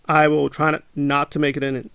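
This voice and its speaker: A man's voice: on the high side, completely flat delivery, moderate pace, gravelly, a bit bright, clear, resonant tone, dry recording. A man hosting his own channel, talking indignantly to camera, repeating his points and mocking his critics. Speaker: channel host. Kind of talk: monologue to camera.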